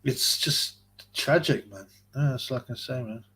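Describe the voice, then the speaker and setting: A man's voice: mid-range voice, normal speed, sharp tone, slightly rough. A young man hosting a live stream, reading out chat messages in a rambling, chatty way and laughing often. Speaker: livestream host reading chat.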